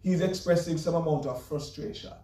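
A man delivering an earnest, emphatic sermon as a pastor, now and then chuckling softly between his points. His voice sits high yet sounds mellow and warm. It is heard from some distance in a roomy, echoing church. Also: brisk. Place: church sanctuary. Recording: echoey church room, mic far off.

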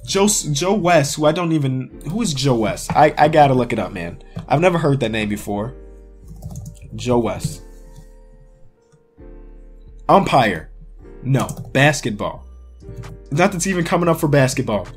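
Faint music plays behind this man, whose fairly high voice comes out a little slow and breathy, broken by long pauses. He's a Chicago-area sports YouTuber doing loose commentary on a sports quiz, excitably muttering to himself and yelling out when frustrated.

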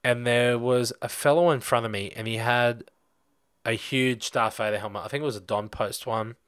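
A man's voice: medium pitch, normal speed, smooth, no echo, studio quality. A young Australian man hosting a podcast, telling a rambling personal story in a casual way with lots of fillers. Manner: rambling, animated anecdote with many fillers. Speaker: podcast host.

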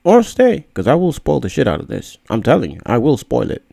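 A man's voice: medium pitch, huge pitch swings, a little fast, creaky, warm tone. A man giving a casual, theatrical spoiler review of a series, swearing freely as he talks.

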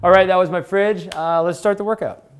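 A man in his thirties, an interview guest talking at home in a relaxed, chatty way, with frequent laughs and fillers. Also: high-pitched, fairly quick, soft background music. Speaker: interview guest, pro snowboarder. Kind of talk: casual chat. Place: house, indoors.

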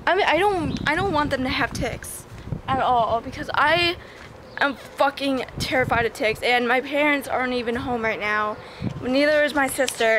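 A teenage girl vlogging outdoors in her yard, excitable and swearing a lot as she calls her dogs. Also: a little high. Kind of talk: casual vlog. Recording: noisy outdoor ambience.

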